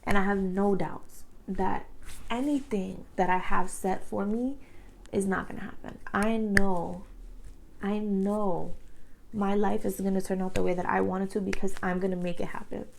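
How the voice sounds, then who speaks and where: A woman's voice: medium pitch, steady tone, moderate pace, gravelly, a little mellow, a little hiss or hum, low-quality recording. A woman of thirty talking earnestly to camera as a beauty vlogger, with lots of "like" and repeated phrases. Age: 30s. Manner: earnest, repetitive, fillers like "like". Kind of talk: emotional personal talk to camera. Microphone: camera mic, facing camera.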